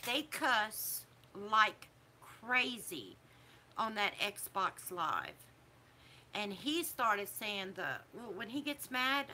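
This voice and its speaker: Middle-aged woman vlogger, slightly high voice, preachy and disapproving. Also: pushed and bright, a little hiss or hum. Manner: disapproving, preachy, drawn-out emphatic phrasing. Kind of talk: casual opinion talk to camera.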